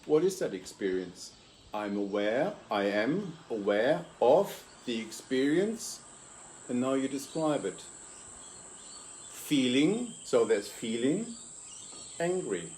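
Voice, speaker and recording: A man of ordinary pitch speaking in a calm, reflective way. He walks through his ideas patiently, one step at a time. He asks rhetorical questions and answers them himself. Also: slow, a little hiss or hum. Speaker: host and consciousness coach. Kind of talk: reflective interview talk.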